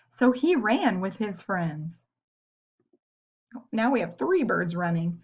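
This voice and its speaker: Slow, lively woman reading to children. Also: fairly high pitch, creaky, husky. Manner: gentle, asks young listeners questions. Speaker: storyteller for children. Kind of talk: children's story read-aloud. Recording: dull lo-fi recording.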